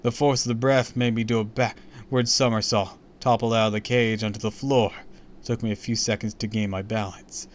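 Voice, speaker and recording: A man's voice: on the low side, slight background noise. A man reading a horror story aloud on a stream, dramatic and dropping into whispers for suspense.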